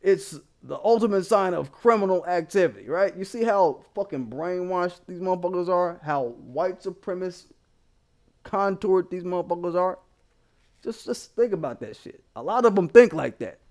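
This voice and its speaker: A man's voice: high voice, animated, moderate pace, a little mellow. A man hosting a commentary channel, ranting bluntly and swearing constantly as he talks straight to his viewers. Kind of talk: profane casual commentary.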